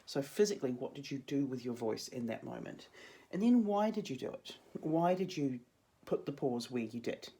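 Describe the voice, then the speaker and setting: Chatty New drama teacher, a young woman with a mellow tone, talking students through their work. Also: a bass voice, sing-song, moderate pace. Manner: chatty, jokey asides. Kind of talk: casual video lesson to students.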